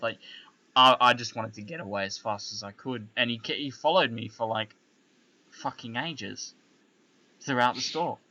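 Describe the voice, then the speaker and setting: A young man telling a story in casual podcast chat, animated and full of swearing, asking "right?" as he goes. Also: medium pitch, highs cut off, slight background noise. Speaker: podcast co-host.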